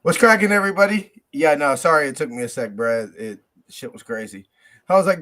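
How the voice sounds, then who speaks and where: A man's voice: fairly high pitch, expressive, fairly quick, fairly bright tone. Slangy, rambling podcast man. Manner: slangy, profane, rambling, lots of fillers. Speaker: podcast co-host. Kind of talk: casual sports podcast chat.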